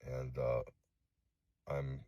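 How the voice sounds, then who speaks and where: A middle-aged man from Los Angeles making a direct-to-camera apology video, halting and remorseful, swearing often. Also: rumbling low, level tone, mellow, no echo, highs cut off. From Los Angeles, USA. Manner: halting, remorseful, heavy swearing, frequent fillers. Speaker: vlogger.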